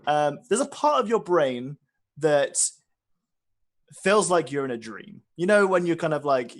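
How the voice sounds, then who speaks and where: A man's voice: on the high side, sing-song, unhurried, slight background noise. A man narrating as game master, rambling with many fillers and restarts. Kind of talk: narrating a tabletop game session.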